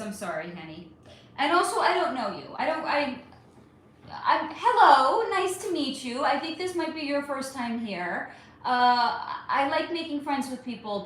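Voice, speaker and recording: A woman in her thirties from California, hosting a casual livestream and greeting viewers by name, calling them honey and darling. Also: sits high. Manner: warm-toned, calls viewers honey and darling, chatty and animated. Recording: very echoey room with faint ambient noise.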